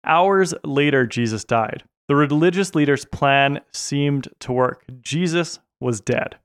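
A man co-presenting a Bible story, narrating events in a steady, plain manner. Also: fairly high pitch, takes it slowly, clean tone, dry recording, studio quality. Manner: steady, narrating, brief affirmations.

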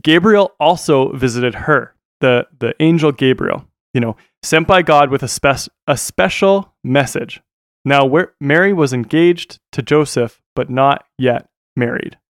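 A man's voice: medium pitch, a little slow, dry recording, clean studio sound. Chatty man retelling a Bible story. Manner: chatty, joking, loose. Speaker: co-host.

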